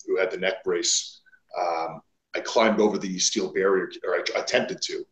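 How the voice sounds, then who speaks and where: A man's voice: low-pitched, normal speed. A man guest on a wrestling podcast, telling stories bluntly with lots of swearing. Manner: blunt, profane, animated storytelling. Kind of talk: casual podcast interview storytelling. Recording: roomy echo.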